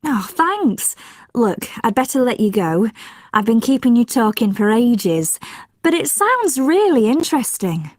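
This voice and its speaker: A woman's voice: fairly high pitch, sing-song, slow, few pauses, warm tone, no echo, studio quality, heavily acted. A woman voicing a polite woman ending a chat, in scripted course audio.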